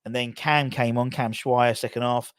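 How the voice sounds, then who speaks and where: Male football channel host, casual rambling commentary, average pitch, dry close sound. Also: fairly even intonation, normal speed, clean tone, no echo. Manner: rambling, self-correcting, chatty.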